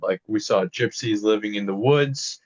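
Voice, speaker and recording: A man co-hosting a podcast, telling animated stories in casual chat with plenty of swearing. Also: fairly low pitch, moderate pace, muffled recording, heavy background noise. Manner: animated, swearing, laughing storyteller. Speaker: podcast co-host.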